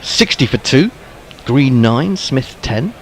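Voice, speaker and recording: Lively, wry male cricket commentator. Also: medium pitch, slow, a little hiss or hum. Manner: wry and rambling, filled with ums. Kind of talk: ball-by-ball commentary.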